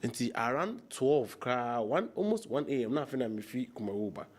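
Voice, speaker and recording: A man's voice: mid-range voice, big pitch swings, fairly quick, a little mellow. A Ghanaian man speaking with passion on a political talk show, mixing Twi and English. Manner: impassioned, mixes Twi and English.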